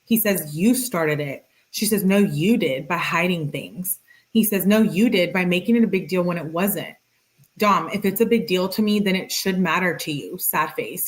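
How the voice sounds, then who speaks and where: A woman hosting a commentary video, reading text messages aloud in a plain, unhurried way with dry asides. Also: lowish voice.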